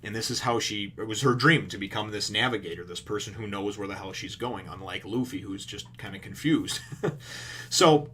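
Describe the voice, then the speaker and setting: With a fairly low, pushed, bright voice, a man recaps a manga chapter as a reviewer, rambling and leaning on fillers with occasional swearing. He acts out characters' lines in quick paraphrase. A little hiss or hum runs under the recording.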